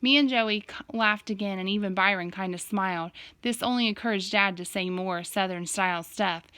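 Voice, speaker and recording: A woman's voice: medium pitch, normal speed, hardly any pauses, pushed and bright, clear, resonant tone, no echo. Woman reading a story aloud, dry sound. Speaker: audiobook reader. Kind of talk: first-person novel narration read aloud.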